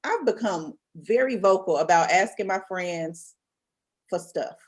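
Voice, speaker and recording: A woman's voice: on the low side, animated, a little slow, husky. Encouraging woman hosting a chat. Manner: warm, encouraging, emphatic asides. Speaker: podcast host. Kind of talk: casual interview chat.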